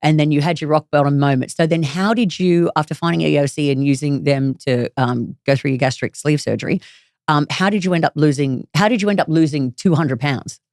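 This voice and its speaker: Fast-talking low-voiced woman. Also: darkish tone, no echo, studio quality. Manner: quick, eager back-and-forth with frequent agreement. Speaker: guest interviewer, sister. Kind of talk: casual interview.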